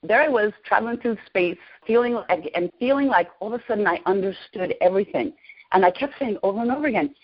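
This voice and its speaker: A woman in her sixties, a podcast guest, excitedly and emotionally telling a personal story. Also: mid-range voice, quick pace. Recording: lo-fi podcast audio.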